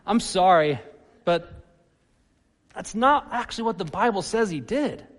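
A man delivers a sermon in a church hall, his voice sitting high for a man. He swings between loud, animated emphasis and soft, quiet asides. A long reverb trails his words. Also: measured pace. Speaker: pastor.

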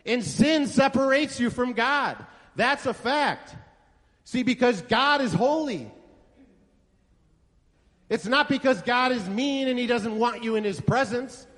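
Man preaching, high voice, storytelling pastor, emphatic, long hall echo. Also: takes it slowly, pauses often, fairly bright tone. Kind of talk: sermon. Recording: echoey hall reverb.

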